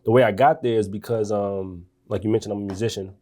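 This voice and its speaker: A man from Washington, D.C., a guest author and musician, telling long stories in a relaxed way. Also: fairly low pitch, fast. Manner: laid-back, talks in long rambling stories. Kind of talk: casual interview storytelling.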